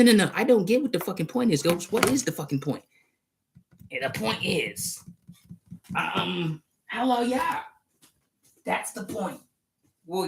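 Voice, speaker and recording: A man's voice: high-pitched, creaky, slight background noise. A man rambling and cursing in a casual monologue, arguing back and forth with himself. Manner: profane, rambling, argues with himself.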